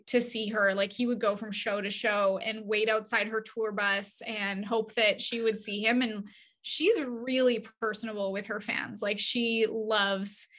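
A woman being interviewed, telling stories in a casual, animated way and acting out quoted dialogue. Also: on the high side. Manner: many fillers and restarts, chatty. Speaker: agency CEO, interview guest. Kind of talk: casual conversational storytelling.

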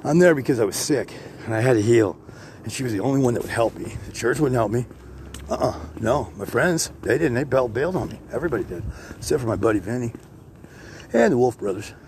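A man's voice: mid-range voice, expressive, fast talker, darkish tone, rough recording. A man recording a rambling podcast while walking the streets, talking bluntly and swearing freely with many restarts. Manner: rambling, with frequent restarts and digressions. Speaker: podcast host. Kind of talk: rambling walk-and-talk monologue. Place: outdoors, walking neighborhood streets. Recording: outdoor street noise with passing vehicles. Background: passing traffic and street ambience.

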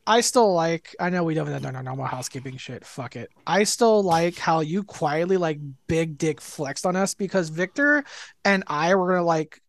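A man's voice: a little high, moderate pace, vocal fry. Rambling, swearing male podcast co-host. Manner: rambling animated storytelling, swears freely. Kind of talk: casual chat.

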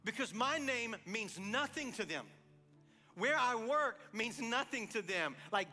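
A man preaching a sermon, his voice high and bright as it carries through a big reverberant hall. He tells stories with animated back-and-forth dialogue, then drops into a quiet, earnest appeal. Soft music plays underneath. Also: measured pace. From East Texas. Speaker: pastor.

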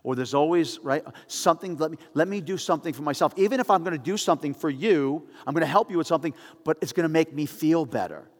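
A male pastor preaching in a casual, storytelling way with animated asides. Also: fairly high pitch, quick pace, few pauses, big-room sound. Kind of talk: sermon.

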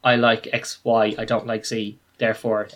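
A man's voice: on the low side, completely flat delivery, normal speed, a bit bright. A man, co-hosting a podcast and talking animatedly, acting out his own reactions. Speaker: podcast co-host. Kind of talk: casual chat.

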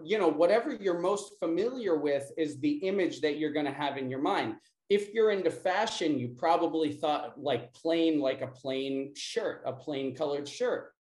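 Slow, deliberate man teaching in an echoey room. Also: fairly high pitch, a little mellow. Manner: slow, deliberate, repeats key words and checks in with "right?". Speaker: workshop instructor. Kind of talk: interactive teaching with a guided breathing exercise. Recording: roomy echo.

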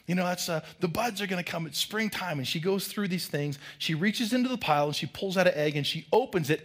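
Husky-voiced pastor telling a story. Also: male voice, on the high side. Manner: storytelling, acts out voices of children and teacher. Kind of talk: sermon.

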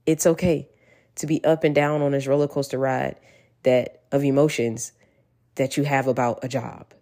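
A woman's voice: a bass voice, flat delivery, moderate pace, warm tone. A woman giving an earnest, encouraging motivational talk straight to her listeners, repeating reassurances as she goes. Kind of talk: casual motivational monologue.

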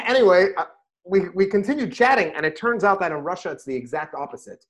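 A middle-aged man, a rabbi, chatting casually about scripture and telling stories with lively bursts when he quotes himself. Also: sits high, fast talker. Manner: animated storyteller, rises sharply when quoting himself. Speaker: rabbi and podcast host. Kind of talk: casual Torah discussion and storytelling.

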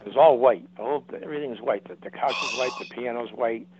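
A man's voice: mid-range voice, fast talker, crowd noise. Older man telling a story over a phone line. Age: 70s. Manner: rambling, repeats and restarts, acts out quotes. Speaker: guest. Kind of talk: casual storytelling. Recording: dry tinny phone-like line.

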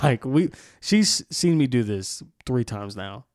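A man's voice: mid-range voice, normal speed, darkish tone, no echo, studio quality. A young man hosting a casual podcast, telling a story in a candid, rambling way with lots of swearing. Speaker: podcast host.

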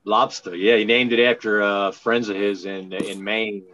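A low-voiced man from Maryland rambles through casual chat, halting and restarting as he goes. His voice comes through muffled and lo-fi. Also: little pitch movement, a bit bright. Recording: muffled lo-fi sound.

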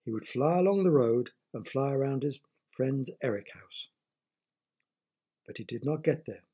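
A man's voice: mid-range voice, lively intonation, moderate pace, warm tone, husky. A man reading a children's story aloud, stopping to explain words to young listeners.

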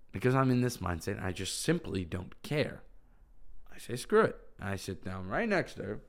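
A man's voice: on the low side, creaky. A young man telling a personal story to camera in a casual, rambling way, full of "like". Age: young adult. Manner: rambling, heavy use of "like". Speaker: vlogger.

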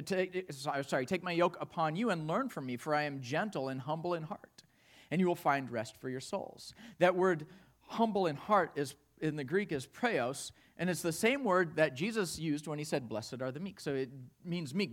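A man preaching a sermon, telling stories with animated swings between hushed and loud delivery. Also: fairly high pitch. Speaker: pastor.

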